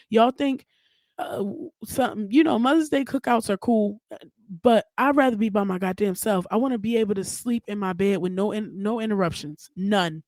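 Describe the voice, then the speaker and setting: A woman's voice: mid-range voice, moderate pace, a little mellow, dry recording. A young woman hosting her own podcast, talking alone in a candid, emphatic way and swearing freely. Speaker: podcast host. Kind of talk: solo podcast monologue.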